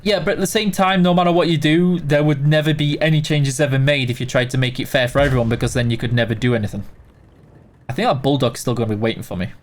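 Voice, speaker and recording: A man's voice: mid-range voice, steady tone, fast. A man hosting a game livestream, reading out chat questions and answering them casually, tired and yawning. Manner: reads chat questions aloud, answers offhand with fillers. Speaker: livestream host answering chat while playing.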